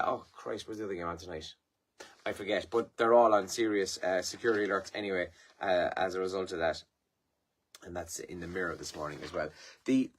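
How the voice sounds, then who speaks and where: A man's voice: mid-range voice, a bit bright, husky. An Irish man hosting a live morning show, chatting casually through the papers and sport with lots of fillers, tired and yawning. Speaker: radio host. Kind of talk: casual newspaper review and chat.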